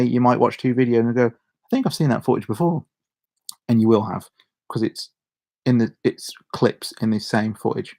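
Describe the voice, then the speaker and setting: A man's voice: medium pitch, vocal fry, a little mellow. A young man with a Shropshire accent chatting casually to his channel's viewers, rambling, restarting sentences and chuckling. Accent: Shropshire English. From Shropshire, England. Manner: rambling, self-interrupting, chuckles a lot. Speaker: YouTuber. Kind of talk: casual chat to camera.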